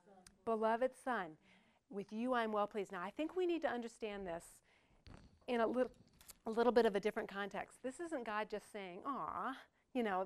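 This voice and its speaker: Older woman preacher, conversational sermon with humorous asides. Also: medium pitch. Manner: conversational, joking asides to the congregation.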